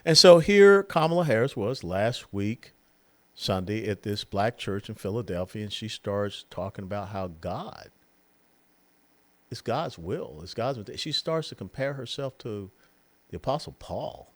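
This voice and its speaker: An older man in his sixties delivering a political commentary monologue, animated and mocking, now and then mimicking the people he talks about. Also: fairly low pitch, normal speed. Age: 60s.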